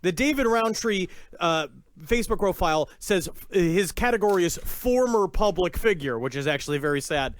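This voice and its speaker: A man's voice: sits high, expressive, normal speed. A man hosting a podcast, riffing crude jokes in casual comedic chat into a close mic. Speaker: podcast host.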